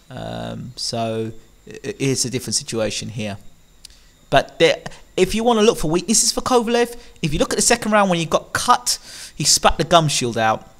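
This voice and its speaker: A man giving opinionated boxing commentary to camera, animated and full of rhetorical questions, with frequent ums. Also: medium pitch, creaky.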